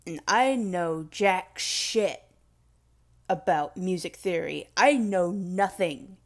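A woman's voice: fairly low pitch, animated, slow. A young woman rambling casually and emotionally in a vlog, self-deprecating and swearing freely. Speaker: vlogger.

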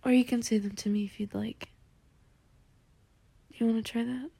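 A woman in a whispered role-play, talking gently and soothingly to the listener as a comforting companion with a gruff morning voice. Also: a little high, fairly even intonation, normal speed, dry recording.

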